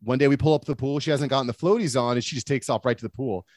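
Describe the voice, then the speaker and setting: A man's voice: mid-range voice, rapid-fire, darkish tone, no echo, studio quality. A man in his late thirties telling stories in a casual chat, in an easygoing way with many fillers. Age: late 30s. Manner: easygoing storyteller, lots of fillers. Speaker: podcast guest.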